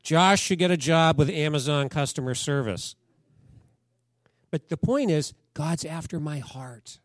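Guy pastor preaching, chatty storytelling, asks the crowd stuff, a bit high voice, dry sound. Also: unhurried, no echo. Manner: conversational storytelling preacher, asks the congregation questions. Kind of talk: sermon.

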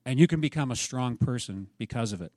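A middle-aged man preaching a sermon as pastor, rising to emphatic peaks and then dropping soft. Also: medium pitch, lively intonation, quick pace, dry recording.

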